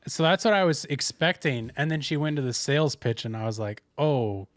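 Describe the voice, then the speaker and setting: A man's voice: a little high, lively intonation, fairly quick, no room sound. A young man, a podcast co-host telling a rambling story in casual chat with many restarts.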